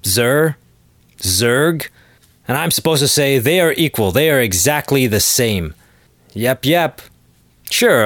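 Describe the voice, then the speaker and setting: Brief: sardonic male podcast host, rambling comic monologue, mid pitch, dry room. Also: fairly bright tone, no echo. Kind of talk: comedic monologue.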